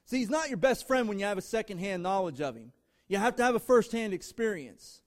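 A guest speaker preaches a sermon to a church congregation in a brisk, high-sitting male voice with lively intonation. He speaks emphatically, hammering points home with rhythmic lists of short phrases and addressing listeners directly.

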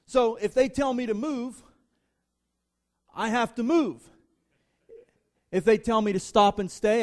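A man whose voice sits high with a darkish tone gives a sermon as a guest speaker to a congregation. His style is emphatic and direct, driving points home with rhythmic sequences of short phrases.

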